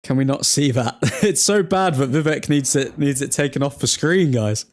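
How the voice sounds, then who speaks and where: A young man of middle pitch hosts a livestream in a loose, chatty way. He mixes match reactions with easy replies to his viewers. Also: moderate pace. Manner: chatty, reacting to the game and replying to chat. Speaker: livestream host. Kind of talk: casual live match commentary with viewers.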